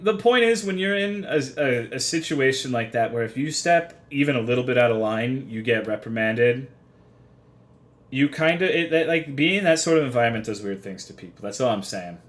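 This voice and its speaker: Young male streamer, mid-pitched, swears a lot, rambling and self-deprecating, casual chat to viewers. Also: expressive, normal speed. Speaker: livestreamer.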